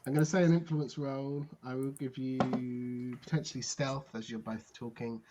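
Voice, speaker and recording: A man running a tabletop role-playing game as game master, calling rolls in a relaxed way. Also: medium pitch, normal speed, highs cut off, background noise. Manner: calls rolls, plays side characters, relaxed.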